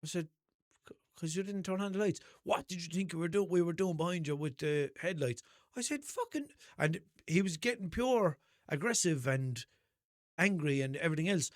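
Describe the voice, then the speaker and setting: A man's voice: on the high side, normal speed, no room sound, clean studio sound. Limerick Irish man telling stories. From Ireland. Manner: animated, swears freely, acts out quoted exchanges. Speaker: podcast host. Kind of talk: casual storytelling monologue.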